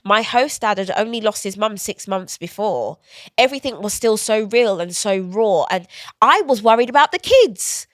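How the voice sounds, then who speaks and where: A woman in her thirties talks openly in a podcast conversation. She tells stories in an animated way and slips into quoted voices as she goes. Her voice sits at a mid pitch and the recording is dry and close to the mic. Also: normal speed, dry recording. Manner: candid, animated storytelling with quoted asides. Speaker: guest author.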